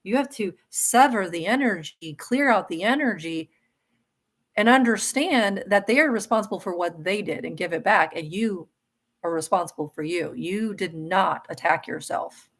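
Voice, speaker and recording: A woman's voice: on the low side, normal speed. A middle-aged woman hosting a live spiritual question-and-answer talk, earnest and emphatic, often restarting her sentences. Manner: earnest and emphatic, with laughs and self-corrections. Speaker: spiritual livestream host.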